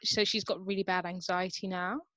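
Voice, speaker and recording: A woman's voice: on the low side, fairly even intonation, normal speed, sharp tone. A young woman co-hosting a podcast, chatting casually and retelling a story with lots of "like". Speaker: podcast co-host. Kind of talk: casual chat.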